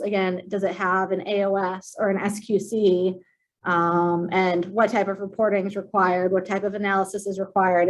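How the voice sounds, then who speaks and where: Woman walking through software, um-filled. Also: mid-range voice, low-quality recording. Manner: plain, with many um fillers. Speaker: compliance staff presenting software. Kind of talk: webinar software walkthrough.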